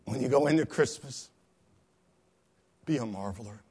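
A male pastor telling a story in a sermon, dramatic, swinging from hushed tones to loud cries. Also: mid-range voice, moderate pace, breathy edge.

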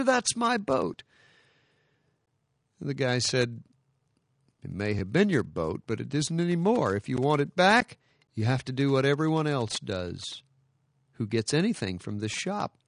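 A man preaching a sermon, reading scripture and telling stories, with dramatic swells to emphatic peaks and sudden drops to a hush. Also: medium pitch, no echo, studio quality.

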